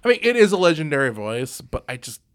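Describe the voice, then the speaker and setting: Animated young man chatting, lively pitch. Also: fast talker, clear, resonant tone. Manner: animated, laughing, swearing, slips into exaggerated impressions. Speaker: podcast co-host. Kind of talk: casual chat.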